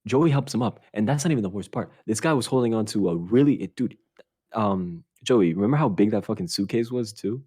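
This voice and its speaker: A young man hosting a podcast, telling an animated story in casual chat, swearing often and laughing as he talks. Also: on the low side, brisk, husky. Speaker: podcast host.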